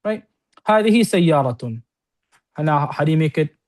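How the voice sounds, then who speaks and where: A man teaching an Arabic class, talking fast in a slightly high voice. He keeps checking in with his students as he explains each example. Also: lively intonation. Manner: quick, repetitive explaining with many checks like "right?". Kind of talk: classroom lesson. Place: classroom with students on-site and online.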